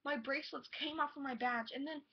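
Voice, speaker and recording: A teenage girl telling a rambling, excited storytime vlog, gushing and full of "like" and "oh my god". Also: high-pitched, brisk. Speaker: vlogger. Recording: dull lo-fi home video audio.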